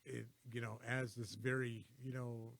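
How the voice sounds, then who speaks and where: Male co-host, mid-range voice, unhurried and thoughtful. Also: mid-range voice, little pitch movement, gravelly, fairly bright tone, dry recording. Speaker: co-host of a movie talk show. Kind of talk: casual movie chat.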